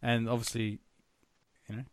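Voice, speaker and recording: A man's voice: mid-range voice, level tone, normal speed, no room sound, studio quality. Profane rambling Australian man. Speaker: podcast host. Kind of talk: casual podcast chat.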